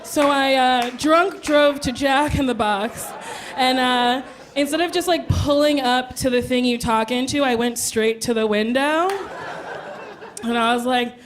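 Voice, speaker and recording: A woman's voice: high-pitched, unhurried, slight background noise. A woman telling brash, laughing stories in a stand-up comedy set, acting out voices, recorded live on stage. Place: comedy club stage before a live audience. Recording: live show with loud crowd laughter.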